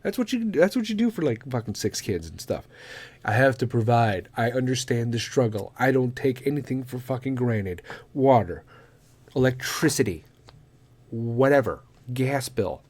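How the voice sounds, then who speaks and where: Middle-aged dude ranting on his podcast, swears nonstop, mid-pitched voice, dry close mic. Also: normal speed, no echo. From Illinois. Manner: swears constantly, animated with shouted impressions. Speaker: podcast host. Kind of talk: profane comedic rant.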